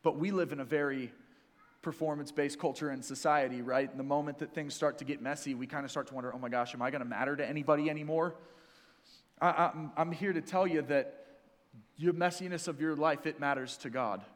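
A man preaching a sermon in a church, earnest and emphatic, dropping to soft, intimate lines between stronger passages. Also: on the high side, a little fast, long reverb tail. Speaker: pastor.

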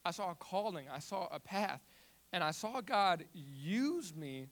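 Young man, stutter, animated testimony, higher-pitched voice. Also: measured pace. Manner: repeats and restarts words, animated storytelling. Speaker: youth ministry volunteer. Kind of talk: personal testimony.

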